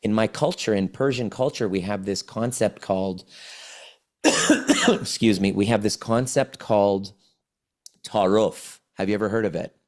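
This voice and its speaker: A man's voice: lowish voice, a little slow, long pauses. A man in his forties, a guest on a podcast interview, explaining things earnestly and often restarting his phrases. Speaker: podcast guest, trauma healing coach.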